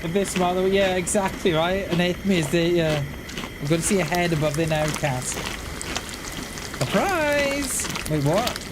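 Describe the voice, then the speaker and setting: A man's voice: on the high side, level tone, fairly quick, noisy background. A man chatting casually on a live game stream, rambling and restarting his words as he talks to his chat. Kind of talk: casual chat while gaming.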